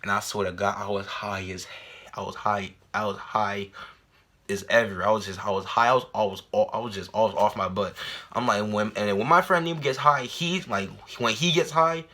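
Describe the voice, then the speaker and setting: A young man telling a casual storytime vlog, rambling and repeating himself in slang, and jumping to loud, high-pitched panic when he acts out scenes. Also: brisk. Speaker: vlogger.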